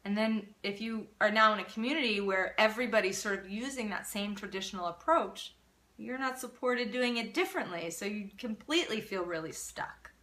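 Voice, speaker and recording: A middle-aged woman speaks in a bright, clear voice as she hosts a live parenting Q&A. She is earnest and animated, reads out viewer comments and answers them at length. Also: medium pitch, a little fast. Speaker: parenting coach hosting a live Q&A.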